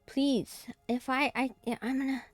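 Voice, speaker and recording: Slow-talking woman streamer chatting over gameplay. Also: sits high, little pitch movement, no room sound, soft background music. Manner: chatty, easily startled, giggly. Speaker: streamer playing a game. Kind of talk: casual gameplay commentary.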